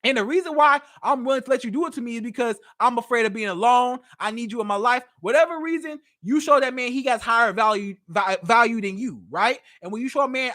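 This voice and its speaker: A woman dating coach talking on a livestream, emphatic and animated, acting out a cheating man's thoughts. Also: fairly high pitch, a little fast. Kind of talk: livestream advice talk. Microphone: livestream setup.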